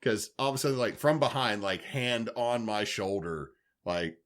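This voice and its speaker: A man, telling animated stories on a podcast, swearing freely. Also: lowish voice, moderate pace. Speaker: podcast co-host. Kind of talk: casual storytelling chat.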